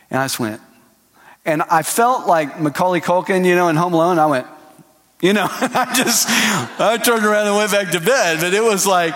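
A male pastor preaching a sermon, telling stories with lively acted-out voices that rise at times to shouting. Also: high-pitched, fairly quick. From Texas. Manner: animated storytelling, acting out voices and rising to shouts. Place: church hall. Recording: long hall reverb.

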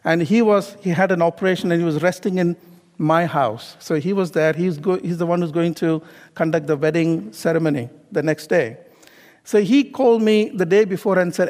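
A man's voice: high-pitched, a little fast, darkish tone, big-room sound. A middle-aged man preaching a sermon in a conversational way, often asking the congregation questions and adding "okay?" and "you know". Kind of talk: sermon with personal story.

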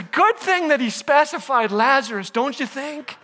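High, bright-voiced male preacher. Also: unhurried, hardly any pauses. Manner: jokey, asks the audience questions, acts out quotes. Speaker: chapel speaker. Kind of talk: humorous sermon.

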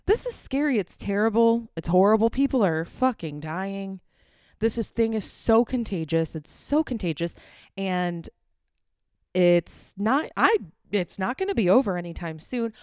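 Her voice is medium-pitched with a darkish tone as this young adult woman rants through her solo podcast from her apartment. She's rambling and profane, frequently wandering off topic. The audio is studio quality, without echo.

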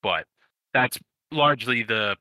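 A man in casual podcast talk, halting and restarting as he works through a thoughtful take. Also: mid-range voice, expressive, pushed and bright, no echo, low-quality recording. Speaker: podcast co-host. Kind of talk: casual chat.

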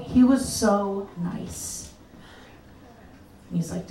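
A woman telling a crude, self-mocking personal story live onstage, animated and laughing through her punchlines. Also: mid-range voice, slow, pauses often, slight background noise. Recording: echoey live room, mic at a distance.

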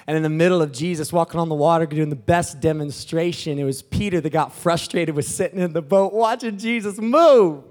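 A man preaching a sermon in an animated, joking, storytelling manner. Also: high-pitched, fast talker, few pauses.

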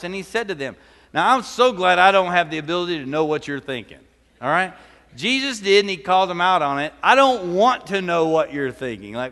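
A male pastor with a high-pitched, pushed, bright voice preaches in a church sanctuary, keeping his sermon conversational and sprinkling in humorous asides. Long church reverb colors the recording.

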